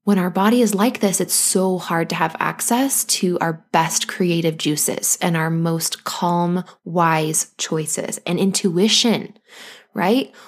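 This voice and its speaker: A woman hosting a podcast as a postpartum coach, speaking gently and reassuringly to listeners, acting out anxious thoughts in quick asides. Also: mid-range voice.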